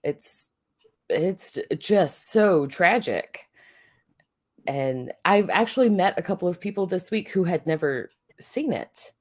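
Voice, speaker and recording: A woman's voice: fairly low pitch, expressive, slow, a little mellow. A woman from the Southern US talking in casual chat, earnest and emphatic.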